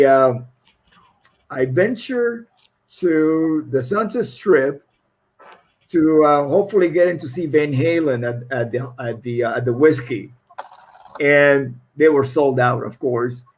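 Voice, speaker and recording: A man's voice: medium pitch, low-quality recording. A middle-aged man with a foreign accent, a guest musician telling stories in a rambling, laughing way, often restarting his phrases. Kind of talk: casual storytelling interview.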